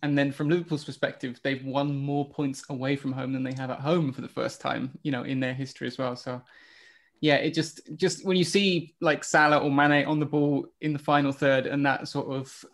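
A man's voice: mid-range voice, steady tone, normal speed, fairly bright tone. A man hosting a casual football podcast, steering the talk and asking questions. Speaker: podcast host.

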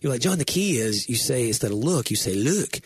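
Husky-voiced man telling rambling stories. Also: medium pitch, quick pace, no room sound. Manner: animated, self-deprecating, rambling storyteller. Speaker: pastor. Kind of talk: casual chat.

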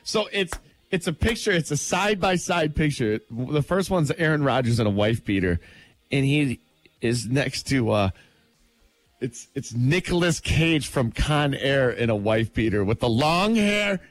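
A man's voice: mid-range voice, measured pace, no room sound. A man co-hosting a morning radio show, bantering and laughing about sports with his co-host in the studio. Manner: animated, laughing, playful banter. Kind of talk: casual sports chat. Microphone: studio mic.

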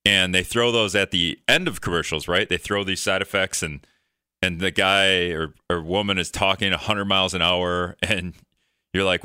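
A man's voice: low voice, steady tone, moderate pace, sharp tone, clean tone, no room sound, studio quality. A man hosting a call-in radio talk show, rambling in a joking way and acting out exasperated reactions.

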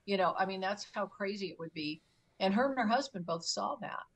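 A woman's voice: mid-range voice, brisk, low-quality recording. An older woman, a guest on an interview, telling a story vividly and acting out what people said. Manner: animated storyteller who acts out her own quotes. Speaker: guest, UFO experiencer.

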